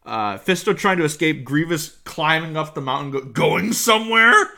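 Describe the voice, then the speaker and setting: A man's voice: on the high side, animated, moderate pace, vocal fry, sharp tone. A man co-hosting a podcast, chatting casually and enthusiastically about an episode, full of fillers and restarts. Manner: enthusiastic, rambling with many fillers. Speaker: podcast co-host. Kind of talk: casual chat reviewing an episode.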